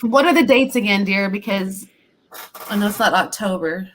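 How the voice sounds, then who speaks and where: Rambling, animated woman telling stories. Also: medium pitch, normal speed, slight background noise. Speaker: paranormal investigator guest. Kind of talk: casual chat, personal storytelling.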